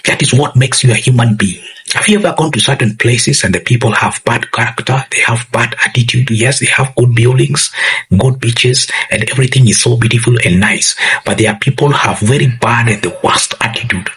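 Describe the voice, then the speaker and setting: A man hosting a reaction channel, talking earnestly and emotionally, with a very husky voice and a repetitive, direct way of addressing his viewers. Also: medium pitch, a little fast, fairly bright tone, rough recording. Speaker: channel host reacting to clips.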